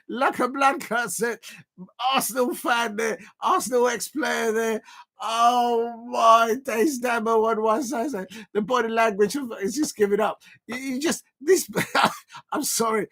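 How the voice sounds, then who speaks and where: A man doing live football reaction commentary as a streamer, chatty and quick to exclaim. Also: very high voice, fairly even intonation, fairly bright tone. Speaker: live watch-along streamer.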